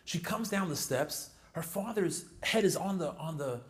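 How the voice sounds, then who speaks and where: Enthusiastic rabbi telling stories. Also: male voice, on the high side, lively intonation, normal speed. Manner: enthusiastic, rising to emphatic peaks on key points; many restarts and filler words. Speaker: rabbi and author being interviewed. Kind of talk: animated storytelling interview.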